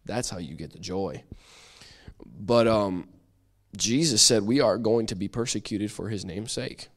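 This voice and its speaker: A man teaching a church Bible study, conversational and lively, acting out little quoted voices as he explains. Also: lowish voice, measured pace.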